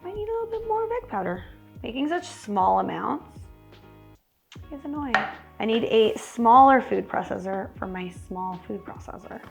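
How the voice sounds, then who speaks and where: Woman cooking at home, chatty and dry-humored, kinda high voice, bit of fry. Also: sing-song, normal speed, music in the background. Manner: chatty and wry, talking through each step. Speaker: cooking channel host. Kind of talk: casual cooking demonstration. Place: home kitchen at the stove.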